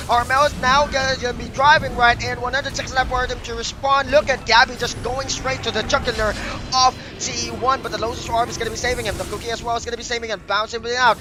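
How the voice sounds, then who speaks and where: A young man calling a live esports match in rapid, excitable play-by-play. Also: extremely high pitch. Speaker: esports shoutcaster.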